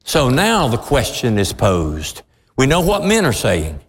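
A male preacher delivers a sermon in slow, deliberate phrases, his pitch swinging widely as he presses each point. His voice sits a little high and carries a long reverb from the church hall around him. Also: huge pitch swings, slight background noise. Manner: slow, emphatic preaching that climbs to shouting.

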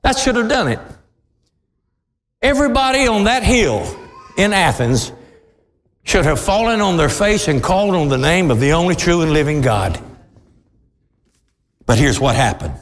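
A man preaching a fiery, old-fashioned sermon, swinging between shouted peaks and low, drawn-out lines. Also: sing-song, in a large hall.

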